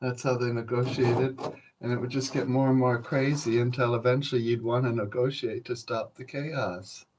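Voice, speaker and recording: Slightly fast and flat, his medium-pitched voice has a darkish tone, with a little hiss or hum on the recording. The podcast host rambles through stories solo, profane and relaxed, laughing softly as he refers to his audience as folks.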